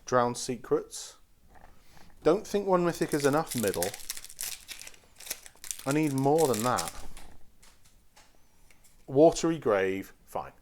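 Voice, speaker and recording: A man's voice: mid-range voice, lively intonation, takes it slowly, long pauses, a little mellow, a little hiss or hum. A man hosting a casual card-opening stream, chatty and teasing as he talks to the packs. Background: crinkling foil wrappers.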